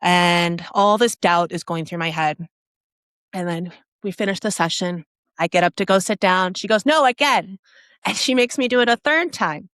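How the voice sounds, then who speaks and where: A woman guest on a podcast tells her story in a casual, animated way, full of "like" and restarts, and she acts out what people said. Her voice sits a little low for a woman. The recording is close and dry. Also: moderate pace, clear, resonant tone, dry recording. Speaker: podcast guest, app founder. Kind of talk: personal storytelling in a podcast interview.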